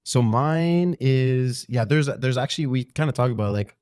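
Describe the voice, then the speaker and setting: A man's voice: mid-range voice, normal speed, smooth, no room sound. Joking man co-hosting a film podcast. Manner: animated, joking, casual profanity. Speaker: podcast co-host. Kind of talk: casual film review chat.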